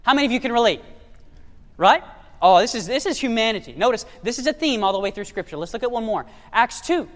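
A man's voice: very high-pitched, expressive, fast, fairly bright tone. A man preaching a sermon, emphatic and full of rhetorical questions to the congregation. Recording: long reverb of a large hall.

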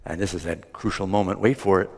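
A man preaching a sermon, retelling a Bible story and acting out the characters' lines with lively swings in pitch. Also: fast talker. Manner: acts out the characters' lines with rising animated pitch. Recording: long hall reverb.

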